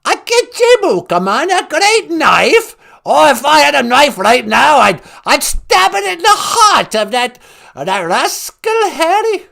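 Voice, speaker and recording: Man doing a shrill, bossy old English royal granny, loud falsetto, all over the place. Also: big pitch swings, a little slow, vocal fry, heavily acted. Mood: chirpy. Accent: put-on English. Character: shrill scolding elderly royal grandmother.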